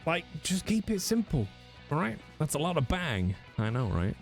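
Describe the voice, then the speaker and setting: A man's voice: on the high side, moderate pace. Chatty guy in his 30s on a livestream, voice jumps all over, a bit of music under him. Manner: animated, swearing, chatty with viewers. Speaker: streamer. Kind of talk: casual livestream chat. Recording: faint music behind.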